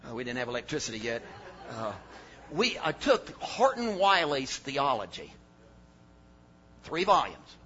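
An older man preaching a sermon, dropping to low asides and then rising to shouted emphasis. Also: a little slow, pauses often, slightly rough. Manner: animated, swings from low mutters to shouted emphasis. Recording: dull lo-fi sermon recording.

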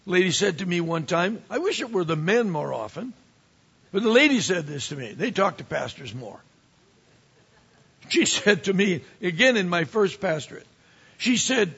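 A man who is a pastor, preaching a sermon with animated swings from quiet asides to emphatic rises. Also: high-pitched, moderate pace, vocal fry, husky, lo-fi sound.

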